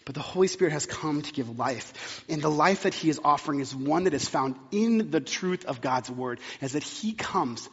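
A pastor preaching a sermon, talking conversationally and hammering points home with repetition. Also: male voice, fairly high pitch, expressive, normal speed, husky. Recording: long hall reverb, dull sound.

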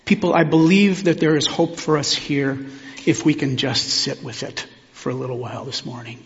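A man, a pastor preaching a sermon in a church sanctuary, in a measured, reflective way with pauses. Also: mid-range voice, fairly even intonation. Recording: long hall reverb, dull sound.

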